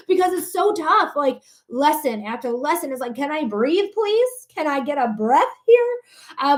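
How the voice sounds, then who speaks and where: A woman in her thirties with a high voice gives a live tarot reading to her viewers. She talks in a chatty, animated way, laughs often and swears casually. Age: 30s. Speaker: tarot reader.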